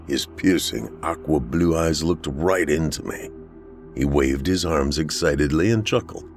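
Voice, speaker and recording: A man reading a first-person horror story in a somber, measured telling. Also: extremely low pitch. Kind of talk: scripted horror narration.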